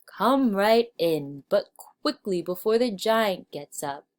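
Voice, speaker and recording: A woman doing a booming kindly giantess. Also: expressive. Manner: slow, loud, booming delivery.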